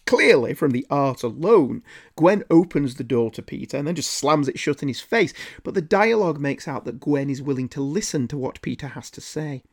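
A man's voice: a little high, lively intonation, moderate pace. A man narrating a scripted comic book review with dry, sarcastic asides.

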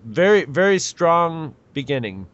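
A man co-hosting a podcast, talking in a rambling, halting way with many restarts. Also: on the high side, big pitch swings, fairly bright tone, highs cut off. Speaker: podcast co-host. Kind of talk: casual chat.

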